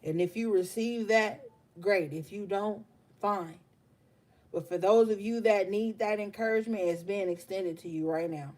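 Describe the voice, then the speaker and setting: A woman's voice: medium pitch, moderate pace, darkish tone. A woman hosting a live tarot reading stream, speaking with passion and emotion and swearing bluntly as she encourages her viewers.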